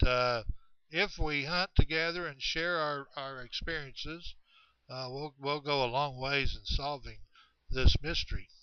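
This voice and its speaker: A man telling a long story about hunters in the woods, halting often with fillers and restarts. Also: mid-range voice, sharp tone, clean tone, dry recording. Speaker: storyteller of Bigfoot encounters. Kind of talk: rambling spoken storytelling. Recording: dull, muffled recording.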